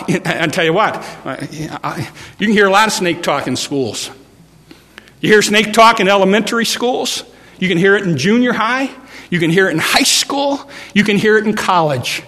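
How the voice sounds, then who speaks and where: A man delivers a sermon from a church pulpit, his voice pitched high and ringing bright. He drives his points home through repetition and climbs into forceful warnings, while a long reverb trails each phrase around the sanctuary. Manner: repetitive preaching cadence, rising to emphatic warnings. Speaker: pastor.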